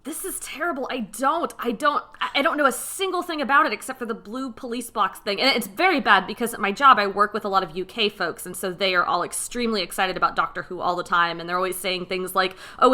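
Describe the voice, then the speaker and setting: A woman guests on a casual podcast with a bright, sharp-edged voice. She is laid back and pokes fun at herself as she talks. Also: medium pitch, fast, hardly any pauses.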